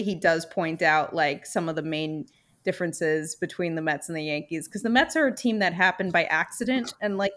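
A young woman co-hosting a casual chat, telling a story with lots of fillers and swearing. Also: fairly low pitch. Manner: animated storytelling, swears freely, many fillers.

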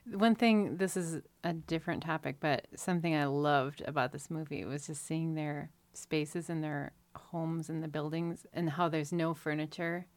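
A low-voiced woman gives blunt, quick opinions on a film in a laid-back podcast chat. She is recorded close and dry, with no room sound. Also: steady tone, no room sound. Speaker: podcast co-host. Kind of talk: casual movie review chat.

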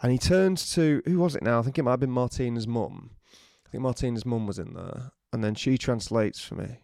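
A man on a podcast spinning an animated story, jumping into voices for the people in it and breaking into laughs. His voice sits mid-range and the sound is dry and close. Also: mid-range voice, brisk, vocal fry, no room sound. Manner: animated anecdote teller, acts out quotes, laughs often. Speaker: podcast co-host. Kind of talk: casual storytelling chat.

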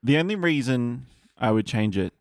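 A man's voice: mid-range voice, animated, moderate pace, dry recording, clean studio sound. A man, a guest on a casual podcast, who thinks aloud in a hesitant way. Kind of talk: casual chat.

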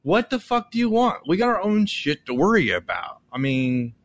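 A man's voice: high-pitched, very animated, normal speed. Profane, exasperated male podcast co-host. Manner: profane, exasperated storytelling with put-on quoted voices. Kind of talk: casual ranting chat.

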